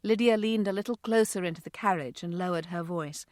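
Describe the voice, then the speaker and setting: A woman narrating an audiobook in a smooth, expressive reading voice. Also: fairly low pitch, fairly quick, hardly any pauses, no room sound, clean studio sound. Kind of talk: scripted narration.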